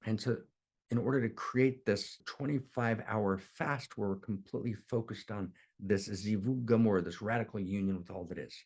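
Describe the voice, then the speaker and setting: A man's voice: lowish voice, moderate pace, darkish tone, slightly rough. A man, a spiritual teacher, telling a teaching story in a digressive way and often checking in with "right?".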